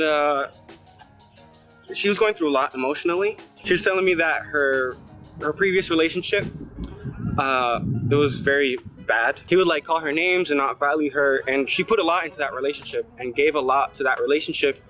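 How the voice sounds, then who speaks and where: A young man with a bright, slightly high voice tells a story for his vlog. He rambles, pokes fun at himself and fills his sentences with "like", while soft music plays underneath. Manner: rambling, self-deprecating, heavy on "like" fillers. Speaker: vlogger.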